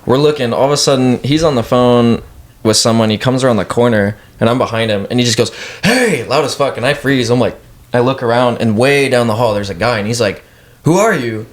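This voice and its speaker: A man casually telling a story as a guest, swearing and acting out what people said. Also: mid-range voice. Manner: fast, animated, swearing, acts out quotes. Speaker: guest urban explorer.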